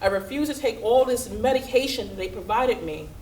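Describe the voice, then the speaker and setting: A woman in her thirties shares a candid personal story, mixing humor with hard moments. Her voice sits a little high and carries a roomy echo, picked up from some distance away with faint ambience behind her. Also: fairly quick, a little mellow, a little hiss or hum. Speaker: speaker telling her story.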